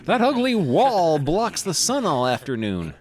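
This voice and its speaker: Man doing a snooty alien dog lady, complaining, nose in the air, raised pitch. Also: wildly swooping pitch, a little slow. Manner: haughty, complaining.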